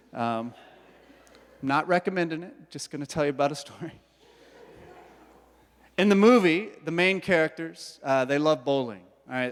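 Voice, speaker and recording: A pastor preaching a sermon, telling the story in a lively way and acting out the characters' thoughts. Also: male voice, a little high. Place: church hall. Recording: hall reverb.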